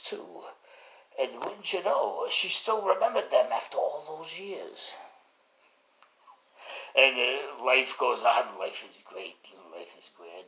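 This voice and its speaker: Man, storyteller, rambling, gravelly, echoey room. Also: medium pitch. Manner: rambling, warm, with many restarts and asides. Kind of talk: casual family storytelling.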